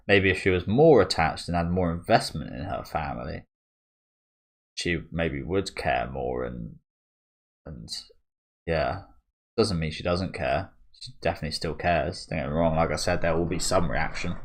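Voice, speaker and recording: A young man hosting a manga reaction video, chatting casually and musing aloud with fillers and small chuckles. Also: deep voice. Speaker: manga reaction channel host.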